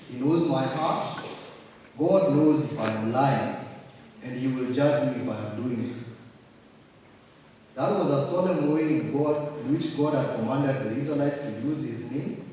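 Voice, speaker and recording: A man preaching a sermon, slow and emphatic, repeating phrases for weight. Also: medium pitch, warm tone, slight background noise. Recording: distant mic in an echoey hall.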